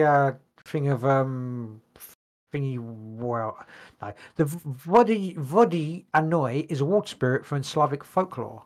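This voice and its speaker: A man's voice: mid-range voice, expressive, a little slow. A man co-hosting a podcast, reading notes aloud in casual chat, stumbling over words and swearing casually. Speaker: podcast co-host.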